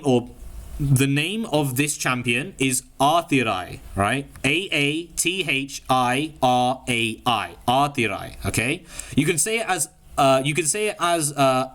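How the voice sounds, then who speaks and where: A man from Malaysia, talking casually to viewers and explaining things in a hesitant, halting way, often stopping to spell out names letter by letter. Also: mid-range voice, fairly bright tone. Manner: hesitant, halting with many fillers and restarts. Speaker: gaming video creator.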